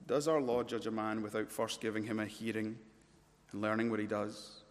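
A man preaching an expository sermon, working through a passage and getting louder and higher when he presses a point. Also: steady tone, normal speed. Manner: rises to loud, high-pitched emphasis when stressing points. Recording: long hall reverb.

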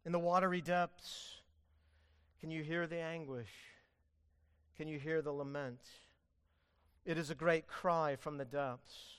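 A man preaching a sermon as pastor, earnest, swinging between loud pleading and hushed emphasis. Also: fairly high pitch, steady tone, measured pace, long pauses, clean tone.

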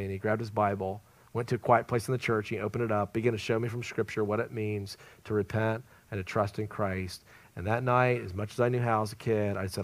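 A man preaching an evangelistic sermon at a church service, swinging between loud emphasis and hushed, near-whispered lines. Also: fairly low pitch, a little fast.

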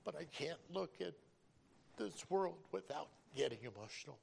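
A man's voice: on the high side, expressive, normal speed, gravelly, slight background noise. A middle-aged man giving an earnest, preacherly personal testimony about driving a school bus.

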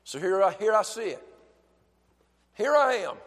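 A male preacher delivering a fervent sermon in a church, dropping to a hush and then building to shouts with repeated phrases. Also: high-pitched, big pitch swings, a little slow, in a large hall.

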